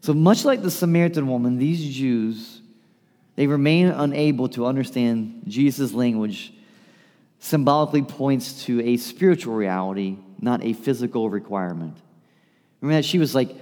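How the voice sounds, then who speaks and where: A man's voice: mid-range voice, animated, moderate pace, dark tone, in a large hall. A male pastor preaching a sermon in a conversational way, turning to the congregation with rhetorical questions.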